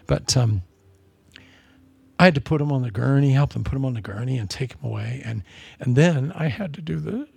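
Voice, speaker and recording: A middle-aged man preaching with a gravelly, husky voice. He tells stories in an animated way, swinging from sudden shouts down to near-whispers. The sound is dry and close, with no room around it. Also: mid-range voice, brisk, no room sound. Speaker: pastor. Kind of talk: sermon.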